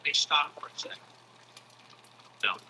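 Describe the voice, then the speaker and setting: A man telling a comic story in a casual, animated style, swearing freely and acting out other people's voices. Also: unhurried, slight background noise, poor audio. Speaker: comedian. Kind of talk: stand-up comedy storytelling.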